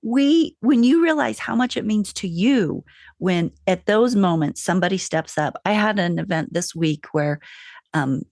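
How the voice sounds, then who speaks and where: A woman's voice: medium pitch, expressive, measured pace, gravelly, darkish tone, dry recording, clean studio sound. A woman hosting a podcast in casual chat, telling stories with enthusiasm. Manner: enthusiastic, storytelling. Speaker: podcast host.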